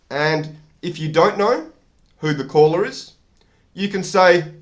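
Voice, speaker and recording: A man teaching an English vocabulary lesson, speaking slowly and stressing each word carefully. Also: a little high. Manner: slow, careful, stresses words to teach them.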